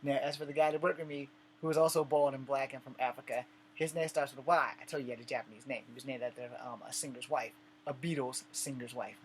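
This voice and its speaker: A man from the United States talks straight into his vlog at an ordinary middle pitch. He tells his story bluntly, swears freely and acts out the conversations he recounts. A faint hum sits beneath his voice. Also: fast, rough recording. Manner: blunt and profane, with frequent swearing; animated retelling with acted dialogue. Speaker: vlogger. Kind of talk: casual storytelling monologue.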